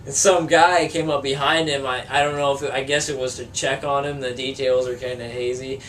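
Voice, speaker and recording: A man's voice: medium pitch, fairly even intonation, fairly quick, fairly bright tone. A young man in a band, casually telling a long, profane story in an interview and laughing through it. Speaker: band member. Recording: distant mic with faint room noise.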